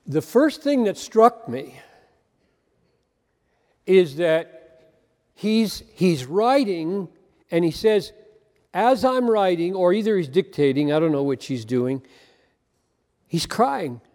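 A man preaching a sermon on a Bible passage, earnest and emphatic, with deliberate pauses between phrases. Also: sits high, lively intonation, a little mellow. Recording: long hall reverb.

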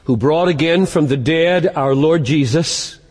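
A man preaching a sermon as pastor, emphatic and slowing down to stress key words. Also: a little high, a little mellow. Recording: long hall reverb.

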